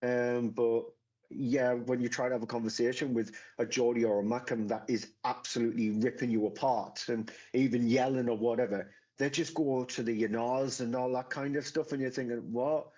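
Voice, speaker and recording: A man's voice: mid-range voice, fairly even intonation, moderate pace, dark tone, highs cut off. A man from northeast England, chatting casually and matter-of-factly as a podcast co-host. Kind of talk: casual chat.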